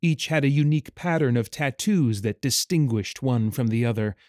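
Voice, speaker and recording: A man narrating a fantasy story in a measured, even way, recorded on a close studio mic. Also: mid-range voice, no room sound. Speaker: audiobook narrator.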